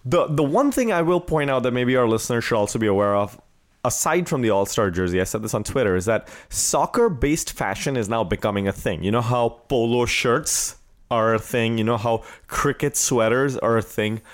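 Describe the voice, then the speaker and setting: A man's voice: medium pitch, normal speed. A man hosting a casual sports podcast, joking crudely and ranting with energy. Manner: crude joking, animated rants. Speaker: podcast host.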